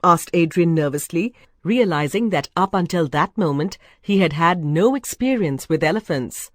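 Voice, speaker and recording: Female narrator for a storybook reading, lowish voice, measured and expressive, dry close sound. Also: no room sound. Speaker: reader.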